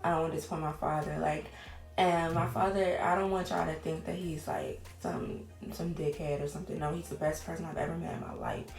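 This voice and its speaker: A woman's voice: low-pitched, lively intonation, a little fast, creaky, darkish tone. A woman, candidly chatting to camera in a casual vlog, swearing now and then. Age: 20s. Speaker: vlogger. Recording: echoey room with faint music.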